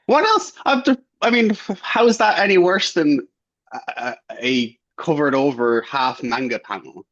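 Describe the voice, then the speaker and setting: A man co-hosting a casual podcast, excitable and sweary, with quick outbursts. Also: a little high. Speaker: podcast co-host. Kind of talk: casual chat. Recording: lo-fi dull sound.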